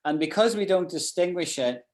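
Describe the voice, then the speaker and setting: A man with a high, animated voice and a somewhat dark tone speaks at a moderate pace. He's teaching an online English class from his home in Ireland over a video call, explaining usage while often restarting and repeating words.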